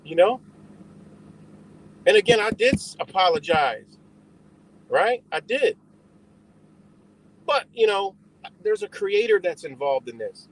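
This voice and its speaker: Male livestream host, high and lively delivery, rambling, profane, argues with chat. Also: takes it slowly, pauses often, a little hiss or hum, rough recording. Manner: answers chat directly. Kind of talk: ranting live stream talk.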